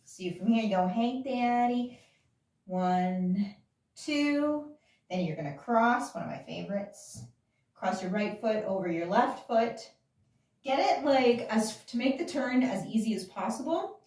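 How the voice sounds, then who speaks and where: A woman's voice: fairly high pitch, expressive, moderate pace, a little mellow, far from the mic. Woman dance instructor, casual and chatty, counts beats aloud, recorded off-mic in a very echoey room.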